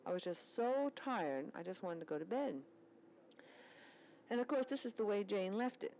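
A woman's voice: mid-range voice, expressive, moderate pace, darkish tone, slight background noise, poor audio. A woman recording a spoken letter, chatting in a rambling, storytelling way about her work at a military service club.

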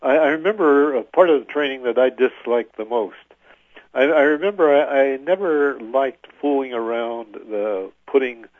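An older man, a veteran, recalling his service in an oral history interview, halting with many filler pauses. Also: medium pitch, no echo. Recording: tinny phone-like line, dry.

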